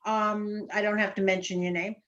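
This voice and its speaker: A woman's voice: medium pitch, level tone, normal speed, fairly bright tone, lo-fi sound, slight background noise. A woman hosting a live talk show, encouraging her guest and stepping in to wrap the segment up. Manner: supportive, cuts in to wrap up. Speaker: host.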